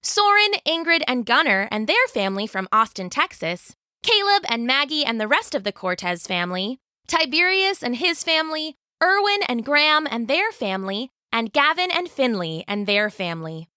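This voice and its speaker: A woman's voice: high voice, very animated, normal speed, bright, forceful tone, no echo. A woman hosting a kids' story podcast, reading a scripted intro in a cheerful, upbeat way on a close studio mic. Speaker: podcast host.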